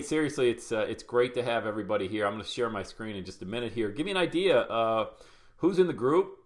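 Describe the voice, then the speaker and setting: A man's voice: medium pitch, fairly bright tone. A middle-aged man teaching podcasting on a live stream, upbeat and chatty, greeting viewers by name. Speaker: podcast coach.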